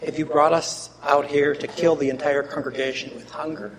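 Brief: male preacher, sermon delivery, high voice, loud readings dropping to hushed asides, long hall reverb. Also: flat delivery, moderate pace, a crowd in the background. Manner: swings between loud emphatic reading and quiet asides.

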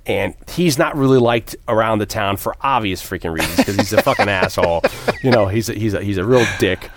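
A man's voice: fairly low pitch, brisk, noisy background. Rambling, profane man retelling a movie. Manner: rambling, profane, many restarts. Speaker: podcast co-host. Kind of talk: casual movie discussion.

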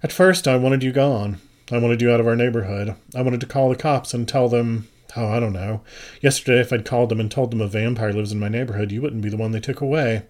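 A man's voice: mid-range voice, steady tone, natural voice. A man voicing a weary, tough-minded woman. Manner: tired, quiet, halting.

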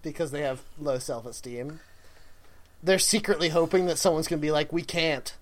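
A man's voice: on the high side, a little fast. A man co-hosting a podcast, joking wryly through casual banter and chuckling often. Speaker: podcast co-host.

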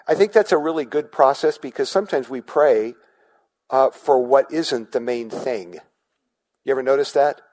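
A man's voice: mid-range voice, measured pace, darkish tone, poor audio. A male pastor giving a sermon in a conversational way, often asking the congregation questions and restarting his words.

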